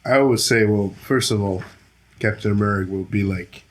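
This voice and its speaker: A man taking his turn at a tabletop game, answering plainly and briefly. His voice is fairly low and relaxed. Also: normal speed. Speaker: player.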